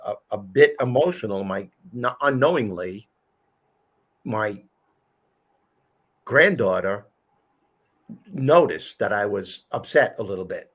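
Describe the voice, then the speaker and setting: An older man hosting a live talk show, telling heartfelt stories in an earnest, emphatic way. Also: lowish voice. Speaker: host. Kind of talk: casual live-show chat.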